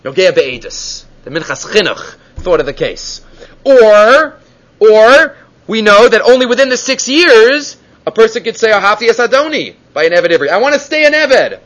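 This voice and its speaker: Animated man giving a Torah lecture. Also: sits high, normal speed, rough recording. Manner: animated, rising and falling for emphasis, Hebrew terms woven in. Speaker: Torah teacher.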